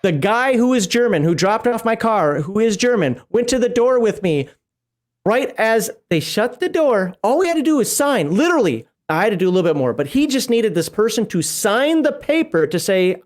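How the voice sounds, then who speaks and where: Sing-song and high-voiced at normal speed, a man co-hosting a tabletop livestream reads out passages from the rulebook. Between readings he slips into casual chatter and laughing asides.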